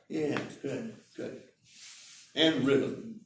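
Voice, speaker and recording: A man teaching English at a seminar, lecturing slowly and demonstrating example sentences aloud. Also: mid-range voice, fairly even intonation, slight background noise. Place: seminar room. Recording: roomy echo, heard from far off.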